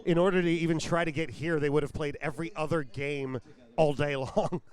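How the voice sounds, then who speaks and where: A man's voice: fairly high pitch, fairly even intonation, a little fast, clean tone. A man doing live roller derby commentary, joking and laughing as he reads out roster names and numbers.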